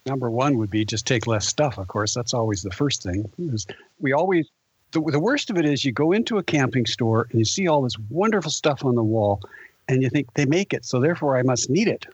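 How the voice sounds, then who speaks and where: Husky man giving practical tips. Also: mid-range voice, expressive, fairly quick, dry recording. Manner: practical, matter-of-fact tips. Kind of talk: casual group chat on a call.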